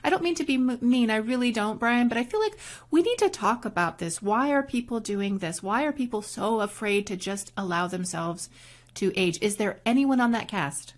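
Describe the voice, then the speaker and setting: A woman co-hosting a podcast, chatting casually and recapping a reality show in an animated, storytelling way. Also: on the high side. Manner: animated, storytelling, quick recaps with acted quotes. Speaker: podcast co-host. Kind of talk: casual chat reviewing reality TV.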